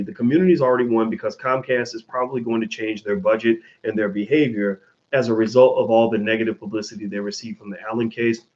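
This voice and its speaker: A man hosting his own show, answering viewer questions in an animated, casual monologue full of restarts and swearing. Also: lowish voice. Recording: dull lo-fi sound.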